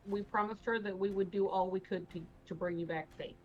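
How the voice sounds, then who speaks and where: Calm woman on a dull mic. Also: medium pitch, brisk. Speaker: player. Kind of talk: tabletop game banter.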